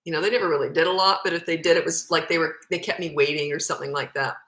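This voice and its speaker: Woman, 50s, parenting coach doing casual Q&A; bright, forceful voice, blunt delivery, roomy echo. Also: low-pitched, fairly even intonation, racing. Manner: blunt, matter-of-fact, answers questions read aloud. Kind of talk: casual Q&A advice.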